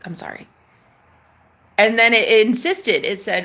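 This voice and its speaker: A woman's voice: fairly high pitch, measured pace, bright, forceful tone. A woman vlogger intensely recounting a personal spiritual experience, with many restarts and some swearing. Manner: emotional, intense retelling with frequent restarts and swearing. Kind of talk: personal spiritual story told to camera.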